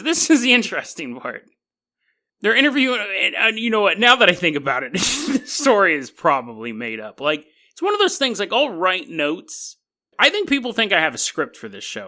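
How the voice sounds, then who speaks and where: A man with a high, animated voice rambles through a story on his podcast. His tone is bright and keen, and his delivery is wry and skeptical, with laughing asides. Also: creaky. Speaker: podcast host. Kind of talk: casual storytelling monologue.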